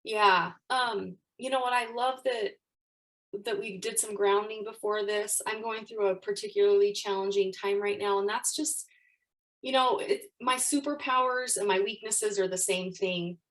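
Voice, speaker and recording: A woman's voice: medium pitch, fairly even intonation, moderate pace, fairly bright tone, far from the mic, rough recording. A woman life coach, a podcast guest, sharing her story openly and with emotion. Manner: open and emotional. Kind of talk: candid personal storytelling.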